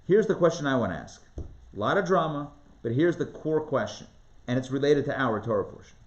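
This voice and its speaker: A man teaching a live Torah class, reading scripture aloud and acting out the voices in an animated, conversational way. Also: medium pitch, muffled recording. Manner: animated, dramatizes the text with rising voice and quick asides. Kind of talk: lively live online Torah lesson.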